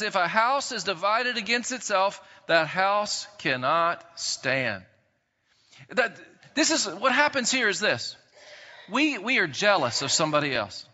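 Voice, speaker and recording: A pastor preaching a sermon in an animated way, acting out quotes and swinging between loud and soft. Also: male voice, sits high. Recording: dull sound in a long-reverb hall.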